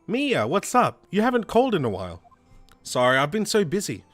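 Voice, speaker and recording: A man's voice: high voice, wildly swooping pitch, brisk, fairly bright tone, dry recording, soft background music, pitched above the performer's own voice, full character voice. A man voicing a cheerful, teasing teenage girl in a game, the playful younger sister. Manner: bouncy, teasing.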